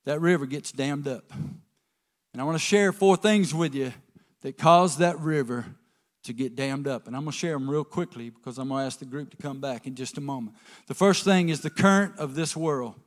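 A man preaching a folksy sermon, swinging from quiet asides to emphatic calls to the congregation. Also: medium pitch, a little fast. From American South. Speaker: pastor.

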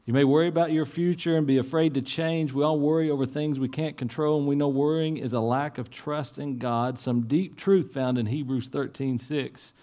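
A man preaching a sermon in a church, earnest, dropping to soft low asides and rising to urgent appeals. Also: fairly even intonation, normal speed, hardly any pauses. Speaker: pastor.

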